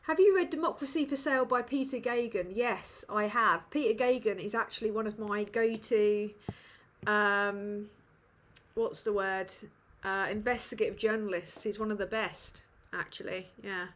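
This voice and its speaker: At a normal speed and medium pitch, with a fairly bright tone, a woman from the north of England chats through a casual live Q&A on her stream. She's rambling, sweary and self-deprecating.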